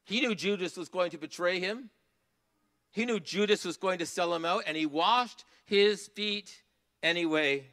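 A man preaching a sermon in a church, earnest, rising to emphatic passages and dropping to soft asides. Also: high voice, moderate pace. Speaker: pastor.

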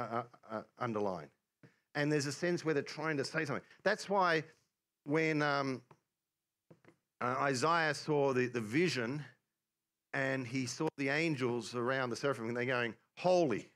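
A man preaching a relaxed, conversational sermon, often restarting and repeating words as he explains. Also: medium pitch.

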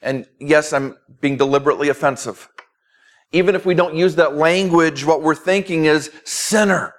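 A man's voice: on the high side, moderate pace. Earnest male pastor preaching emphatically. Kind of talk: sermon.

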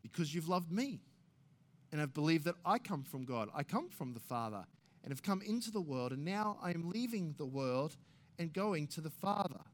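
A man's voice: animated, normal speed. Earnest male preacher, rising and falling. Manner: earnest preaching, rising loud on quoted scripture, dropping soft and low for emphasis. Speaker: pastor. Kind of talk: sermon.

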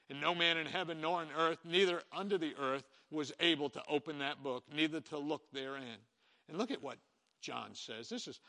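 Passionate preacher in a reverberant hall. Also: male voice, mid-range voice. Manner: swings from hushed to loud, passionate preaching; repeats phrases and stumbles on restarts. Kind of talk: sermon. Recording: echoey hall with long reverb.

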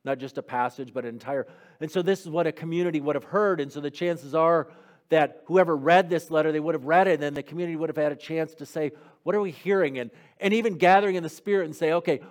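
A man's voice: a little high, fairly quick. A man giving a sermon who reads scripture aloud and then asks his listeners what they heard. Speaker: preacher leading a Bible discussion. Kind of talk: sermon with scripture reading and group discussion.

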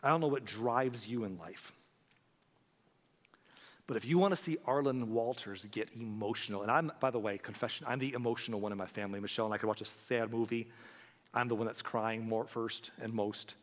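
A man's voice: medium pitch, brisk. A man preaching a sermon as pastor, making an earnest, pleading appeal to his congregation. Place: church sanctuary. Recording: long hall reverb.

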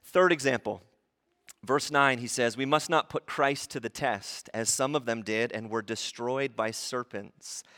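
A man in his thirties preaching a sermon, animated and acting out grumbling voices as he teaches. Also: mid-range voice, a little slow. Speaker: pastor.

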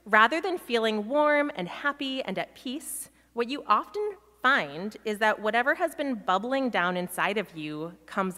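A woman pastor giving a sermon in a reflective, measured way, pausing often. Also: mid-range voice, pushed and bright. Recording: long reverb of a large hall.

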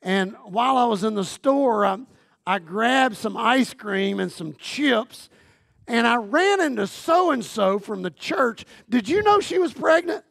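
A man preaching a sermon as guest pastor, talking in a humorous, conversational way with lots of repetition, going from loud emphatic lines down to near-quiet phrases. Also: extremely high pitch, expressive, a little slow, creaky, no echo, studio quality. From Texas.

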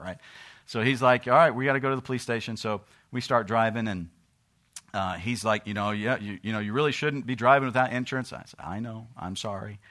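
A middle-aged man preaching a sermon, reading scripture slowly and forcefully, then dropping into a quiet, conversational story. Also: lowish voice. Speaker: pastor.

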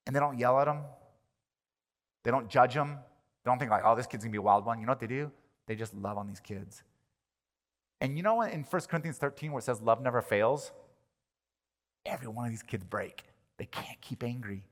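A male pastor delivering a sermon, animated, swinging from loud emphatic lines to quiet ones. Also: medium pitch, normal speed, pauses often. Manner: animated, rises and drops in volume for emphasis. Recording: long reverb of a large hall.

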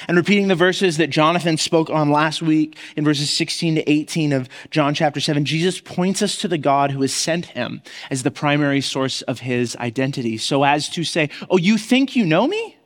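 A man's voice: fairly high pitch, fairly even intonation, normal speed, few pauses, big-room sound. A man preaching a sermon in a conversational way, often restarting his words and acting out the voices he quotes. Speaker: pastor.

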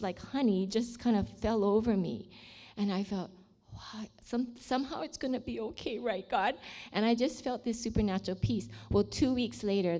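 A woman's voice: medium pitch, warm tone. An older woman sharing a personal faith testimony in an earnest, heartfelt storytelling manner.

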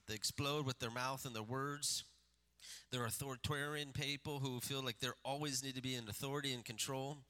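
A male pastor preaching with a very bright, sharp tone. He builds to emphatic peaks, then drops into easy conversational asides and questions to the congregation. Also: mid-range voice. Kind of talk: sermon.

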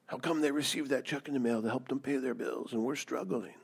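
Man, sermon, emphatic preacher, rhetorical questions, lively rising delivery. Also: mid-range voice, fairly quick, creaky, breathy edge. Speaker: pastor.

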